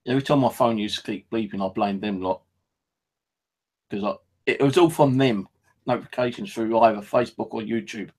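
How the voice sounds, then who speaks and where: A man's voice: fairly quick, darkish tone, breathy edge, poor audio. Sweary grumbling man. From United Kingdom. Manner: grumbling, sweary, mimics phone bleeps in a high voice. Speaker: vlogger. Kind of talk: casual rambling monologue.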